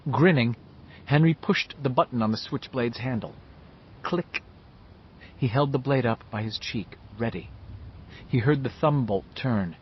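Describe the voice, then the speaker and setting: A man reading a novel aloud as scripted narration, telling the story in a measured, lively way. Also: medium pitch, dull audio, a little hiss or hum. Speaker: audiobook narrator.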